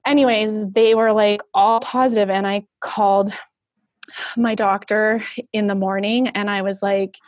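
A woman in her thirties, a guest telling an emotional personal story in an animated way, with many "like" fillers. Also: medium pitch, measured pace, dry recording, clean studio sound.

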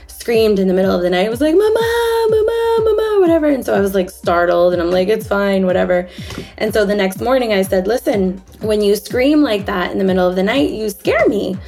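A woman's voice: mid-range voice, creaky, a little mellow. A young woman co-hosting a podcast from home, a little under the weather, chatting in an upbeat way and laughing easily. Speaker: podcast co-host. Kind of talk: casual chat. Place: at home, recording remotely.

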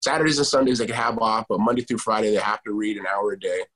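A middle-aged man from Southern California, telling a story about his children in a halting way, often repeating and restarting words. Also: fairly low pitch, steady tone, a bit bright, slightly rough. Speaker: guest, father of two. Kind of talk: storytelling in conversation.

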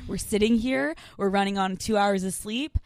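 A woman's voice: mid-range voice, normal speed, darkish tone, dry recording, studio quality. A woman in her twenties co-hosting a podcast, teasing and laughing as she chats. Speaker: podcast co-host. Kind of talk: casual chat.

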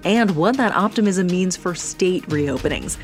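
A woman hosting a news podcast, reading her script at a brisk clip in a slightly low voice. Music plays underneath her. The delivery is smooth and practiced. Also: lively intonation. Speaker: podcast producer and host.

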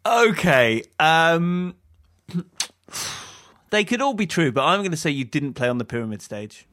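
A man hosts a podcast, asking curious, playful questions. His voice sits fairly high and rises and falls a great deal. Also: big pitch swings, measured pace, a bit bright. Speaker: podcast host. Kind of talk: casual interview and show outro.

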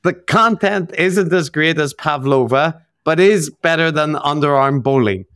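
Wry Irish man, smooth dry voice. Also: a little high, measured pace, fairly bright tone, dry recording. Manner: wry, sardonic, laughs often. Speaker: podcast co-host. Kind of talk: casual podcast banter.

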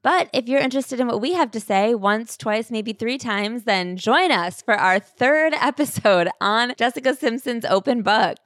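A woman's voice: fairly high pitch, animated, moderate pace, few pauses, a bit bright, dry recording. Woman cohost chatting away, playful, laughs a lot, dry close sound. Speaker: podcast co-host. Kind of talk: casual chat.

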